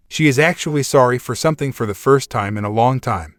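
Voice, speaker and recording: A man reading a first-person relationship story aloud in a steady, even way. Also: medium pitch, brisk, few pauses, no room sound, studio quality. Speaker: story reader. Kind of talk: scripted first-person narration.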